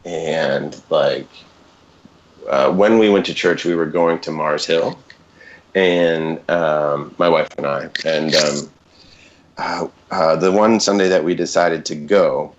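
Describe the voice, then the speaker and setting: A man in his thirties with a low voice tells a personal story as a podcast guest. He rambles, breaking off mid-sentence for fillers and side notes. The recording sounds dull and lo-fi. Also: unhurried. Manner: rambling, self-interrupting, with many fillers and asides. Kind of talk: casual storytelling.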